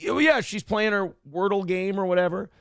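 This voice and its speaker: A man's voice: high-pitched, brisk, clean tone, no room sound, clean studio sound. A man hosting a morning talk show, telling stories in casual, profane chat and swearing freely. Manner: animated storyteller, swears freely.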